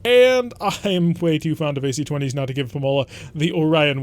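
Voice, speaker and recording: A man with a somewhat high voice hosts a let's play at a moderate pace. In casual game commentary, he talks through his strategy in a chatty, rambling way, frequently correcting himself.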